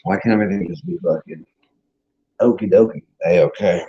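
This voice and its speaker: A man's voice: deep voice, moderate pace, breathy edge. A man giving a rambling, profane casual monologue as a spiritual vlogger, restarting his sentences often. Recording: dull lo-fi recording.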